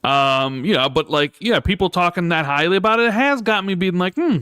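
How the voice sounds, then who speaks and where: A man's voice: high voice, fairly quick, sharp tone, smooth, no echo, studio quality. A man co-hosting a casual gaming chat, teasing his partner in a laid-back way with lots of fillers. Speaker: co-host.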